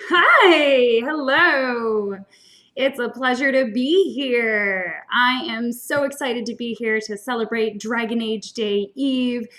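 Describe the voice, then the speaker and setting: A woman hosting a casual livestream eating show, chatting in a bubbly, enthusiastic way. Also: a little high. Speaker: host.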